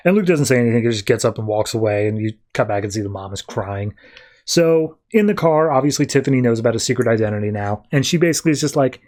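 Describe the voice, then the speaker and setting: A man on a podcast recapping a comic book plot, retelling the scenes in quick, loose quoted back-and-forth with lots of fillers. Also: mid-range voice, darkish tone. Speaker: podcast host.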